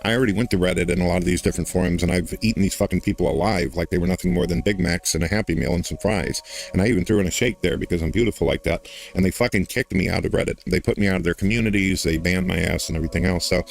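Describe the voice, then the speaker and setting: Deep, gravelly boastful man. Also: fairly even intonation, very fast. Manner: boastful, profane. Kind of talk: casual live-stream talk.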